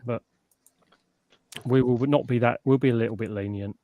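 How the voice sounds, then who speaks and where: A man, hosting a casual live chat stream in a matey, relaxed way. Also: medium pitch, normal speed, phone-quality sound. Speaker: livestream host.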